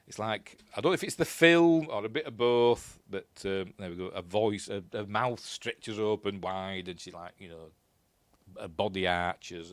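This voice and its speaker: Yorkshire man, very low voice, dry close mic, rambling film commentary, hesitant. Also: no room sound. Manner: rambling, unsure, chuckling asides. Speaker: film reviewer. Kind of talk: casual commentary over a film.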